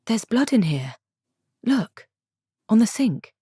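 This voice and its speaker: A woman's voice: fairly high pitch, big pitch swings, slow, dark tone, husky, no echo, studio quality, voice pushed up, exaggerated voice. A woman reading aloud, voicing an educated, composed wife who enunciates her words carefully. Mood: crisp.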